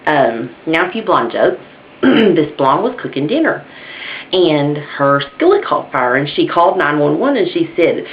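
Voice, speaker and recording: A woman's voice: sits low, big pitch swings, unhurried. A woman telling jokes in a folksy, casual way and chuckling at her own punchlines. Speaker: joke teller. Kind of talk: casual joke telling to camera. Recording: dull lo-fi home video with faint hiss.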